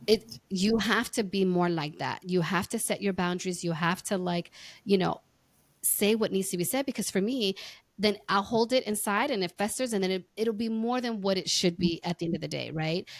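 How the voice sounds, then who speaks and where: A woman's voice: mid-range voice, moderate pace, no echo. A middle-aged woman hosting a podcast and chatting casually, telling stories and acting out what people said. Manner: chatty storyteller, acts out quoted lines. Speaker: podcast host and life coach.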